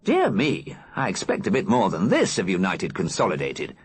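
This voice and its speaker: A courteous older gentleman speaks with calm, proper restraint, as a male narrator puts him on. The voice is husky and a touch lifted, with gently lively pitch. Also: full character voice. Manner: genteel, measured.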